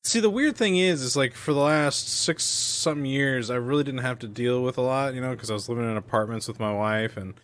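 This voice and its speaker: A man's voice: mid-range voice, a little fast, few pauses, a bit bright. A young man hosts a gaming podcast in an easy, rambling way. He strings thoughts together with lots of fillers and casual asides. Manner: loose and rambling, many fillers like "you know" and "like". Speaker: podcast host.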